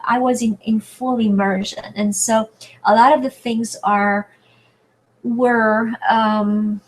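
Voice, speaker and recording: A woman's voice: a little high, level tone, takes it slowly, rough recording. A woman with a French accent teaching pronunciation on a live video-call webinar, hesitant and searching for words with many fillers. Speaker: French tutor hosting a webinar. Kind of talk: live online Q&A lesson. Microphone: computer mic on a video call.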